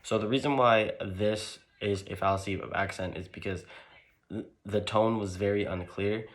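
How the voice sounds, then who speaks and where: A young man giving a loose, rambling lesson, leaning on "like" and restarting his sentences. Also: sits low. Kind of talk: casual explainer lesson.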